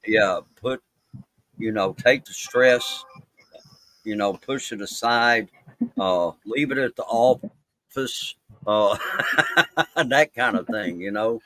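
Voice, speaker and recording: A man's voice: lowish voice, a bit bright, no echo, rough recording. Southern man with a dry, close sound. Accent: Southern US (Mississippi). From Mississippi, USA. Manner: halting, many fillers and restarts. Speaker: interview guest. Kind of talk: casual live-stream interview. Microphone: close mic.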